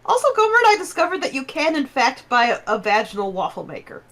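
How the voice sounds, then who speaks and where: A woman co-hosting a podcast, teasing the others with quick crude banter. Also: high-pitched, big pitch swings, a bit bright. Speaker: podcast co-host. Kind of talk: casual chat.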